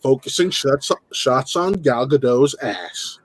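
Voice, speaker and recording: A man's voice: medium pitch, expressive, takes it slowly. A man co-hosting a casual podcast chat, opinionated and profane. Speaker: podcast co-host.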